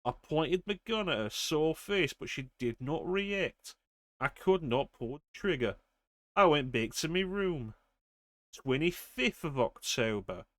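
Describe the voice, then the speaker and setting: A man's voice: on the high side, fairly bright tone, no room sound, clean studio sound. A man streaming a game, reading in-game diary notes aloud steadily and then chatting casually. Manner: reads steadily, then chats casually with fillers.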